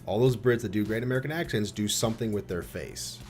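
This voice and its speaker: A man's voice: on the low side, fast talker, a little mellow, soft background music. A man co-hosting a casual podcast, joking with crude asides. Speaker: podcast co-host. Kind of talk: casual chat.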